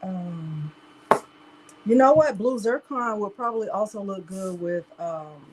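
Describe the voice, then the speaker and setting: Over background noise, a woman speaks a little slowly in an expressive, mid-range voice. She's hosting a live crafting tutorial, chatting casually, laughing frequently and talking right to her viewers, whom she calls "y'all".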